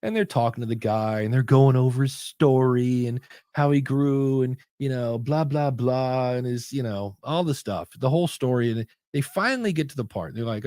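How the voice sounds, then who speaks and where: Man, podcast host, casual chat, animated storytelling, mid-pitched, dry recording. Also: moderate pace, no echo. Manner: animated storyteller who acts out quoted voices. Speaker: podcast coaching show host.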